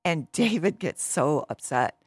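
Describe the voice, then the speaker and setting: A woman telling a Bible story in an animated, casual way, with many fillers. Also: low-pitched, unhurried, breathy edge, dry recording. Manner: lively, with many fillers and restarts.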